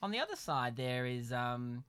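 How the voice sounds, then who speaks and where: A man's voice: medium pitch, sing-song, normal speed, a bit bright, clear, resonant tone. Middle-aged Australian male podcast co-host, wry and meandering. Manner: dry, wry and rambling, with many fillers. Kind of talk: casual chat. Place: a house in the evening.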